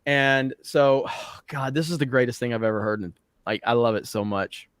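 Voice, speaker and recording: A male podcast host chats casually, rambling with plenty of filler words and frequent laughs. His voice sits at a middle pitch and sounds dry and close. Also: normal speed, a bit bright, clean tone, no room sound.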